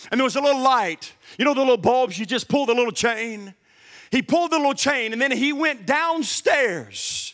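A man's voice: very high voice, expressive, normal speed, fairly bright tone, long reverb tail. A middle-aged man preaching a sermon, emphatic and repeating key words to the congregation. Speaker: guest pastor. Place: church sanctuary.

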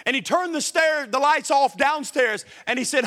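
A man's voice: very high voice, moderate pace, few pauses, pushed and bright, long reverb tail. A middle-aged man preaching a sermon, emphatic and repeating key words to the congregation. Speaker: guest pastor. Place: church sanctuary.

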